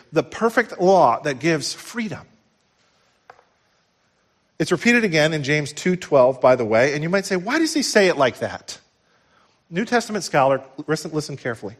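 A middle-aged man preaching a sermon as pastor, swinging from loud emphatic peaks to hushed, tender lows.

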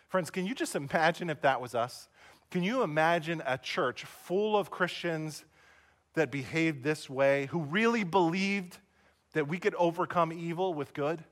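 A man preaching a sermon as pastor of a church, earnest, rising to emotional retellings and dropping soft for prayer. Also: high voice. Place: church service.

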